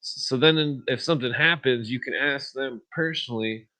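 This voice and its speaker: A man's voice: mid-range voice, moderate pace, bright, forceful tone, poor audio. A man hosting a podcast, talking in a rambling, profane monologue and laughing at his own stories. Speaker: podcast host.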